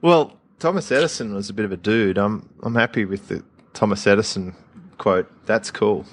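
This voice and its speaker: A man co-hosting a podcast in casual, blunt chat, laughing often and trailing off into quiet asides. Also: on the low side, moderate pace, no echo. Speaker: podcast co-host.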